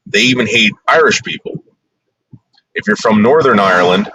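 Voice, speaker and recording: Low-voiced blunt man rambling. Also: fairly quick, sharp tone, breathy edge, rough recording. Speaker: vlogger. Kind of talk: casual tour narration.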